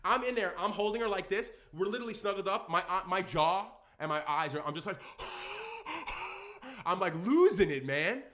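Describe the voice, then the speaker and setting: A young man from Brooklyn tells stories on a podcast. His voice is bright and pitched a little high. He gets excited and acts out everyone in the story. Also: fairly quick, few pauses. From Brooklyn, New York. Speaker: podcast guest, children's entertainer. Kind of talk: animated storytelling in casual chat.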